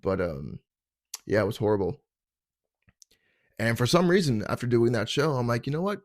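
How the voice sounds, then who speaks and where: A man's voice: medium pitch, sing-song, normal speed, no echo, studio quality. A young adult man from Canada hosting a comedy podcast from his parents' basement, telling stories in a rambling, self-deprecating way and stumbling over his words. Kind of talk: casual comedic storytelling.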